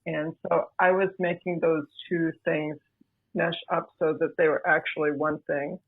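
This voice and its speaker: A woman, a podcast guest, telling her own story in a measured, deliberate way over a remote line. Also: sits low, level tone, breathy edge. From United States. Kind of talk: personal storytelling. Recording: tinny phone-like remote line.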